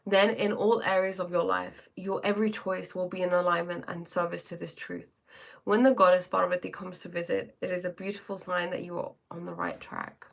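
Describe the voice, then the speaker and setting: A woman's voice: fairly low pitch, a little fast, creaky. A woman hosting a live stream who chats casually, greets viewers by name and reads oracle cards aloud, often restarting her sentences.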